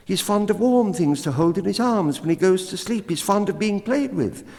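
A man voicing a small, excitable bat in a storybook, talking quickly in a high, chattering voice. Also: vocal fry. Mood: excited. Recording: long hall reverb.

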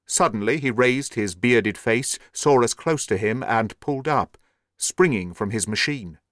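Steady male audiobook narrator in a dry, close recording. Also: medium pitch, unhurried, no room sound.

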